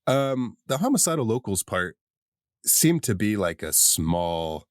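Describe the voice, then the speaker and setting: Deep-voiced guy rambling through a podcast chat, dry close mic. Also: a little slow, no echo. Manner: relaxed, rambling, with fillers and laughs. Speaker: podcast co-host. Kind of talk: casual chat about a horror film.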